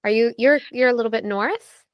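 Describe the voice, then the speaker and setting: A woman's voice: on the high side, a little fast, clear, resonant tone, no room sound, dull audio. A woman hosting a casual podcast interview, asking questions with enthusiasm and friendly reactions. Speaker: podcast host interviewing missionaries.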